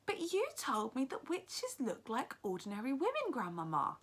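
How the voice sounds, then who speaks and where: A woman's voice: high-pitched, wildly swooping pitch, moderate pace, slightly rough, voice pushed up, full character voice. A woman voicing a frightened, curious young boy, asking pleading, wide-eyed questions in a storybook reading. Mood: anxious.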